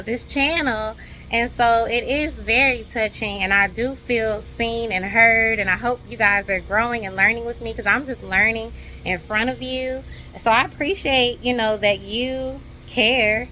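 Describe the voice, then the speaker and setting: A woman's voice: mid-range voice, slight background noise. A woman, chatting casually to her viewers in a home vlog recorded on a phone. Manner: chatty, warm toward viewers, says y'all. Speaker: homestead vlogger. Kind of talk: casual vlog talk to camera. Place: outdoors in her garden at night, then indoors at home.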